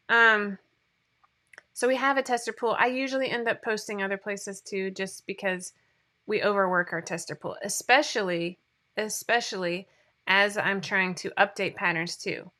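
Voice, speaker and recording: Reading comments from viewers, this woman, a sewing pattern designer, rambles, chats and laughs at herself on her easygoing livestream. She talks at normal speed in a medium-pitched voice that is bright and forceful.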